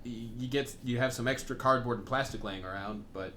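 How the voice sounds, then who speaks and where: A man's voice: mid-range voice, fairly quick, sharp tone, slight background noise. A man co-hosting a casual tabletop gaming chat, talking in rambling runs with lots of fillers and asides. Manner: rambling, many fillers and asides, laughs often. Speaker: co-host.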